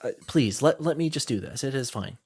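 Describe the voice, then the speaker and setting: A woman's voice: extremely low pitch, expressive, brisk, a little mellow, breathy edge, heavily acted. A man voicing a frail, gray-haired old woman in her sixties, stammering and motherly. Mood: fussing kindly. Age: 60s.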